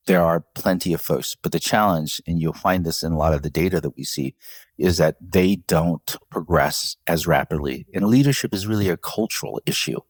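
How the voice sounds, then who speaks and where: A man's voice: low-pitched, normal speed, no echo. A man who leads a professional association answers interview questions in a conversational, storytelling way and laughs often. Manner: storytelling, animated when quoting others, laughs often. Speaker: CEO of a professional association, guest.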